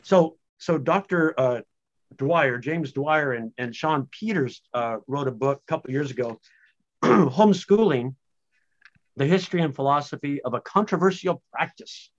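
A man who researches home-based education, speaking as an animated, emphatic guest in a conversational podcast interview. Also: a little high, unhurried. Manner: animated, emphatic, frequent restarts. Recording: dull lo-fi audio.

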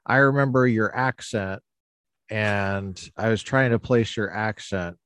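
Low-voiced, rambling male podcast host. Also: measured pace, a bit bright, no room sound. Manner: rambling, joking, many fillers and hedges. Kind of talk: casual interview chat.

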